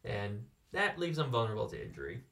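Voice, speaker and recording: A man's voice: medium pitch, sing-song, fast, fairly bright tone, recorded from a distance. A man from California co-hosting a casual podcast and sharing animal facts with dry humor, now and then correcting himself. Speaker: co-host.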